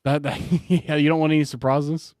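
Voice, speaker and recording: A young man co-hosting a radio show, answering in a measured, dry way and laughing easily. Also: on the high side, little pitch movement, darkish tone, no echo. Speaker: radio co-host. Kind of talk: casual radio chat.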